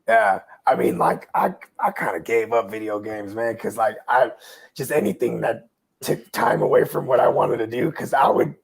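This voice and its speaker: Gravelly, husky man in casual chat. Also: fairly low pitch, moderate pace. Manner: relaxed, backchannels a lot, slangy. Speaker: podcast co-host.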